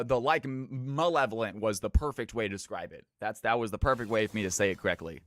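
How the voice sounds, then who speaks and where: A man's voice: mid-range voice, a bit bright, no room sound, studio quality. A man from California hosting a live game stream, commentating picks and greeting viewers by name in an upbeat way. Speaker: streamer casting viewer games.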